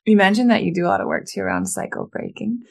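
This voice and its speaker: A woman's voice: medium pitch, huge pitch swings, fast, vocal fry. A woman hosting a podcast interview, affirming her guest often. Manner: affirming, with frequent yeahs. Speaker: podcast host.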